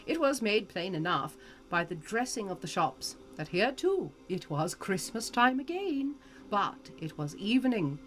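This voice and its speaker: A woman streamer giving a live, expressive reading of a classic novel. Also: medium pitch, unhurried.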